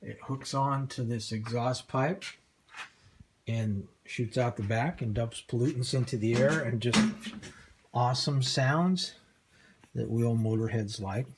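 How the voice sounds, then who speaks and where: A man's voice: medium pitch, measured pace, background noise. An older man casually demonstrating an old motorcycle engine part he is rebuilding, in a folksy, self-deprecating way with plenty of ums and uhs. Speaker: hobby motorcycle mechanic.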